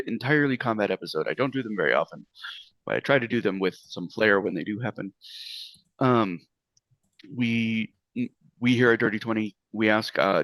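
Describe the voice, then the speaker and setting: Low-voiced relaxed male game master. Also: no echo, low-quality recording. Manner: relaxed, laughing, fillers like um. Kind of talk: casual tabletop game chat and sign-off.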